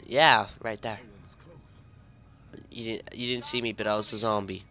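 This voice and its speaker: Excitable young gamer with a bright voice. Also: male voice, fairly low pitch, normal speed. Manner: excitable, loud outbursts and laughter while playing. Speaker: gamer co-host. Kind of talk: casual gaming commentary.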